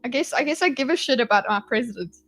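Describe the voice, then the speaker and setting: A woman's voice: high-pitched, expressive, fast, a bit bright, faint music behind, rough recording. A woman hosting a livestream, giving rambling, sarcastic reaction commentary and chatting with viewers. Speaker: livestream host.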